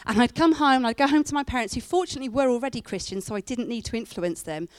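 Brit woman preaching, kinda high voice, tells stories animated, dry close sound. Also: quick pace, hardly any pauses, no echo. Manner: animated storytelling with acted-out quotes. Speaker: speaker giving a church talk. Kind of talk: sermon.

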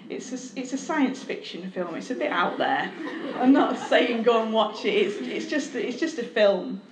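Woman pastor, thirties, high voice, candid sermon, echoey room. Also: expressive, moderate pace, a crowd in the background. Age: 30s. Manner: candid, conversational, self-deprecating humor. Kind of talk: personal testimony sermon.

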